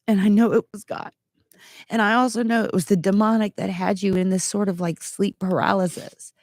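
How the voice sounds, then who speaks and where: A woman in her thirties giving an earnest, animated personal testimony, full of asides. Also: mid-range voice, a little fast, no room sound, clean studio sound.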